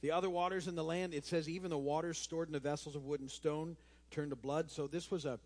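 In a church sanctuary, a male pastor delivers a sermon conversationally, restarting sentences and tossing in friendly asides. His voice is fairly high and quick with fairly even intonation, and the church's long hall reverb carries through the recording.

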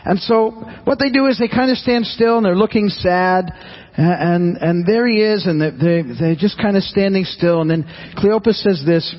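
A man's voice: high voice, moderate pace, dull audio. A man preaching a sermon in an earnest, conversational way, often restarting and repeating his words. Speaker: pastor.

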